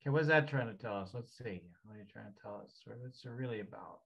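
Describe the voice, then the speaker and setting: A man's voice: medium pitch, fast, creaky, hardly any pauses, fairly bright tone, breathy edge, rough recording. A man hosting a talk as an energy healer, rambling and hesitant with many fillers. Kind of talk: casual conversation.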